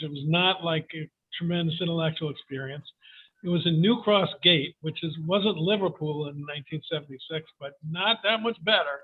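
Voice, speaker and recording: An American man hosting a reading series on a video call, rambling and restarting as he moderates. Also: on the high side. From United States. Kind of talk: casual moderating chat. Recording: tinny phone-like video call audio.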